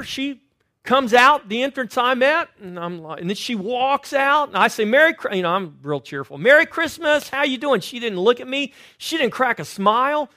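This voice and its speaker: Man, pastor, sermon, high voice, very expressive pitch, loud-to-hushed storytelling. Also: no echo, studio quality. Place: church sanctuary.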